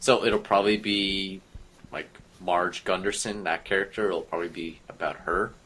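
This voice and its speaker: A man co-hosting a casual podcast, reading out entertainment news in a relaxed, informative way. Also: sits low, moderate pace, a little hiss or hum. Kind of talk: casual chat.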